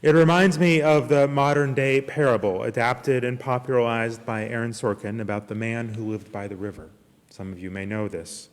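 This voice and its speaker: A man preaching a sermon as minister, earnest and emphatic, with slow deliberate pauses. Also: medium pitch. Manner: earnest preaching, slow emphatic pauses, retells a parable with lively character voices. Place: church service streamed online. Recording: long hall reverb.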